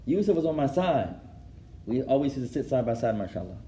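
Male Islamic teacher, mellow voice. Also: mid-range voice, sing-song, a little fast, a little hiss or hum. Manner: switches between English and Arabic, translating as he goes; repeats phrases for emphasis, laughs at his own stories. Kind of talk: classroom lesson with anecdotes.

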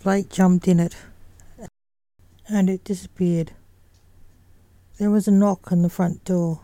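Woman reading a story, very dark mellow voice, dry close sound. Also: fairly low pitch, flat delivery, slow pace, long pauses, no room sound.

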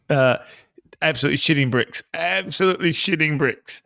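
A man co-hosting a sports podcast, chatting casually and firing off quick jokes and asides. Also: a little high, gravelly, pushed and bright, dry recording, studio quality. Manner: wisecracking, quick joking asides. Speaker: podcast co-host.

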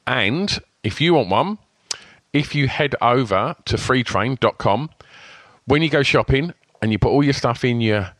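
A man co-hosting a podcast, teasing his partner in animated banter and reading sponsor spots. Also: mid-range voice, dry recording. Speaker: podcast co-host. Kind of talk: casual podcast chat and sponsor reads.

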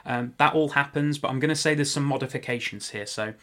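A man's voice: medium pitch, quick pace, a bit bright. A man hosting a casual history podcast, talking loosely with joking asides and frequent self-corrections. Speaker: podcast host.

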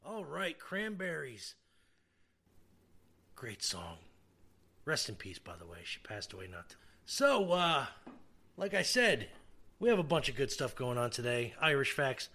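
A man's voice: mid-range voice, very animated, measured pace, long pauses, bright, forceful tone. A man hosting a podcast alone, rambling in a jokey, self-deprecating way. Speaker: podcast host. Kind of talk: casual solo podcast chat.

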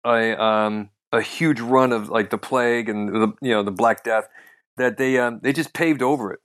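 A man co-hosting a podcast, chatting casually. He rambles through stories, with lots of ums and restarts. His pitch sits in an ordinary middle range. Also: steady tone, normal speed, fairly bright tone. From the United States. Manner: rambling, with many fillers and restarts. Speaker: podcast co-host, comedian. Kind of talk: casual chat, storytelling.

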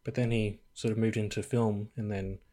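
A man's voice: on the low side, level tone, normal speed, dark tone. A man co-hosting a podcast, chatting casually about a film in an easygoing, musing way. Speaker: podcast co-host. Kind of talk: casual film review chat.

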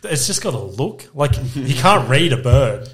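A man's voice: mid-range voice, a little slow. A young Australian man co-hosting a podcast, telling rambling stories with lots of swearing and laughter. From Queensland, Australia. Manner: swears freely, laughs through animated stories. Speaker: podcast co-host. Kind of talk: casual chat.

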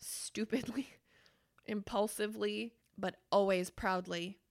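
A woman in her late twenties hosting a podcast, delivering an impassioned monologue, blunt and profane, slowing down hard on the phrases she wants to land. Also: fairly high pitch, a bit bright. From Wisconsin, US. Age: late 20s. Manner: blunt, profane and fiercely emphatic; slows down for emphasis on key phrases. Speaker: podcast host.

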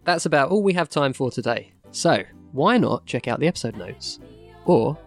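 A man's voice: medium pitch, big pitch swings, normal speed, soft background music. A man co-hosting a podcast, chatting casually, explaining things and laughing often. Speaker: podcast co-host.

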